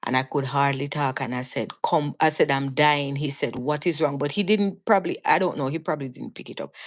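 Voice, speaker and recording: Speaking briskly in a deep voice, this Jamaican-accented woman is a live stream guest casually recounting her own story. Earnest and vivid, she restarts often and repeats words.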